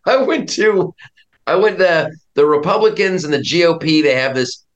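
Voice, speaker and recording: A man's voice: fairly high pitch, lively intonation, moderate pace, lo-fi sound. A man speaking as a guest in a political talk-radio conversation, emphatic and prone to restarting his sentences.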